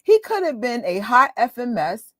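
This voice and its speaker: Chatty woman host in her 40s, animated, exclaims a lot, dry close sound. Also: a little high, moderate pace, dry recording. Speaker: watch party host. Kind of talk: casual chat.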